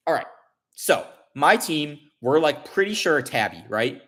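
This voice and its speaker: A man in his forties chatting casually to his livestream viewers, rambling, restarting often and telling an animated story. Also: a little high, a little slow. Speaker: livestream host.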